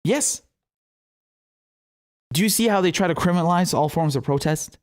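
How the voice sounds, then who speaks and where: A man's voice: on the high side, normal speed. Heated, profane male political commentator. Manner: heated, profane, sarcastic, laughing asides. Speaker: political commentary show host.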